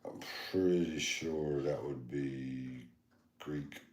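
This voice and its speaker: Southern man from florida, podcast co-host, laid-back, dry humor, very deep voice, echoey room. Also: very slow, a little mellow. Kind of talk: casual chat.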